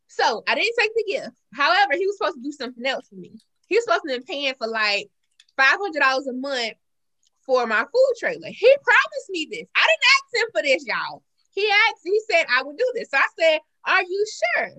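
A woman's voice: high-pitched, brisk, rough recording. A woman chatting casually with co-hosts, telling stories and acting out what people said. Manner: animated storyteller, acts out quoted dialogue. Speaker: co-host. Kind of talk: casual chat.

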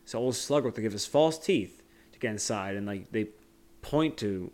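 A man's voice: on the low side, expressive, moderate pace, darkish tone. A young man co-hosting a podcast, recapping a movie in a rambling, joking way with frequent laughs. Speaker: podcast co-host. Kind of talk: casual movie discussion.

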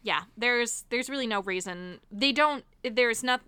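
A young woman co-hosting a casual chat, giggly and animated, swearing casually as she talks. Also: a little high, a little slow, a little hiss or hum.

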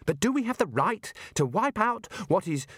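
A man's voice: sits high, very animated, moderate pace, a bit bright, no room sound, studio quality, pitched above the performer's own voice, heavily acted. A man doing a patient, nervous young scholar wizard. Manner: careful, patient objections.

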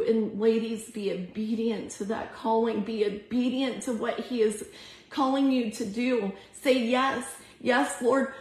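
A woman's voice: on the high side, darkish tone. A woman giving an earnest, emotional devotional sermon to women, teary as she reads scripture aloud. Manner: earnest, emotional, slow and prayerful. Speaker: women's ministry speaker. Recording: echoey room.

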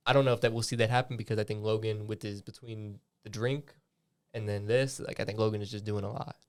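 Swearing freely, a young male podcast co-host rambles through casual conversation, full of fillers and restarts. He speaks fast in a low, clear, resonant voice with fairly even intonation.

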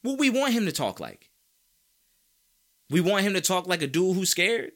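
A man hosting a sports talk podcast, ranting with loud, high-pitched outbursts between stretches of lower, calmer talk. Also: moderate pace. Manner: animated, swings into high-pitched shouts. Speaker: podcast host. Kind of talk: fired-up sports talk rant.

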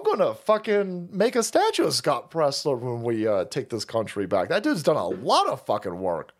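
A man's voice: mid-range voice, moderate pace, hardly any pauses. Male stream host, crude and chatty, tells stories with plenty of laughs, voice swings up and down. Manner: swears constantly, laughs often, animated storytelling. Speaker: livestream host reading chat. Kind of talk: profane casual rant.

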